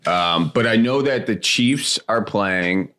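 A man chatting casually as a podcast co-host, asking quick, teasing questions. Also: lowish voice, lively intonation, pushed and bright. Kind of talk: casual chat.

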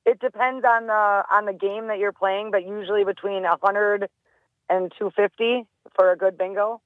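A woman's voice: medium pitch, steady tone, normal speed, no room sound. A woman calling in by phone as a guest on a radio show, easygoing and light. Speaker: festival director, phone guest. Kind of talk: phone interview. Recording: tinny phone line.

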